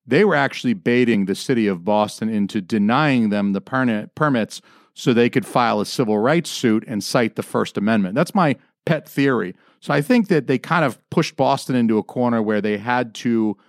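A man's voice: medium pitch, moderate pace, no echo, clean studio sound. A man from the American South hosting a comedy podcast panel, joking crudely and rambling. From Atlanta, US South. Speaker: podcast host. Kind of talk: casual comedic panel chat.

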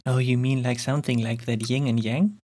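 A man at a tabletop game, hesitant and wondering as he puzzles over things. His voice is husky. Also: medium pitch, fairly even intonation, fairly quick, dark tone. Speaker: player.

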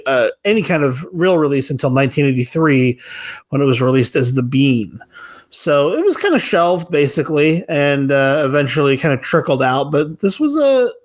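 A man from the western United States hosting a podcast, chatting casually and enthusiastically about a horror film with frequent chuckles. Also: fairly high pitch. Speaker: podcast host. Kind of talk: casual film review chat.

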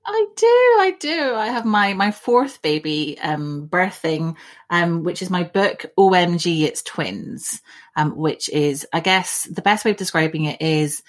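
Woman chatting away on a podcast, kinda low voice, upbeat. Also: expressive, measured pace. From Scotland. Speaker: guest author. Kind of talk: casual podcast interview.

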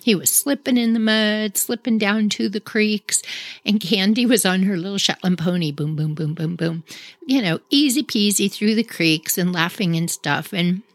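A woman telling a personal story in a casual, animated way, with sound effects and acted-out quotes. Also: mid-range voice, moderate pace, no room sound.

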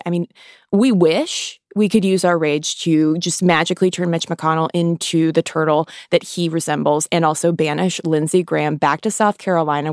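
A woman hosting a podcast, giving an impassioned and sarcastic pep talk, swearing freely and pausing often between phrases. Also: deep voice, dry recording, clean studio sound. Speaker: podcast host.

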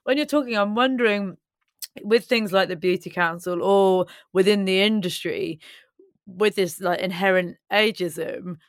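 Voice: mid-range voice, a little slow, no echo, clean studio sound. A podcast host in casual conversation, reflective and searching for words.

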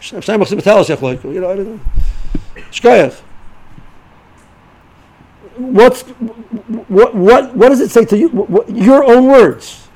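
A middle-aged man giving an informal Torah lesson, halting and repeating words as he restarts sentences. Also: sits high, expressive, dark tone, slightly rough, poor audio. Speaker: yeshiva rebbe giving a shiur.

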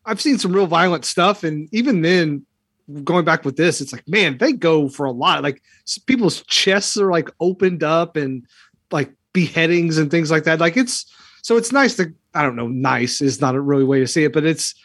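A man casually discussing a film, relaxed and peppered with filler words. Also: fairly high pitch, moderate pace, breathy edge, no room sound, studio quality.

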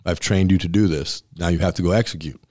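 A man's voice: deep voice, steady tone, fast, a little mellow. A man who owns a restaurant and once played football as a center, telling stories in a casual interview in a blunt, emphatic way and acting out the dialogue. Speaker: restaurant owner and former college football center.

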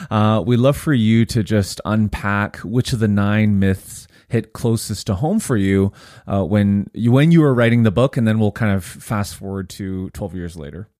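Male podcast host, low voice, dry close sound, eager and affirming. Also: normal speed, a little mellow, no room sound. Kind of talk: podcast interview.

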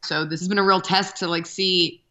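Wry, chatty woman comedian, lowish voice. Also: steady tone, normal speed, pushed and bright, slight background noise. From Texas. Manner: wry, self-deprecating, chatty with hesitations. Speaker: comedian guest. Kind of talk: casual interview over a remote call.

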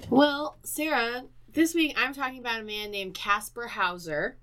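Bright-voiced, blunt-swearing woman co-host. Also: a little high, moderate pace. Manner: blunt reactive exclamations, swears freely. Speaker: podcast co-host. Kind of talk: casual chat.

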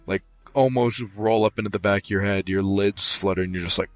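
A man narrating as game master, halting and descriptive with many fillers. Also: lowish voice, fairly even intonation, no room sound.

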